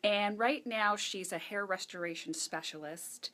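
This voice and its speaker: A woman's voice: mid-range voice, a little slow, pushed and bright. A woman with a New Jersey accent hosting a casual health video, chatty and upbeat with frequent fillers. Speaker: host. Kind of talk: casual on-location video chat.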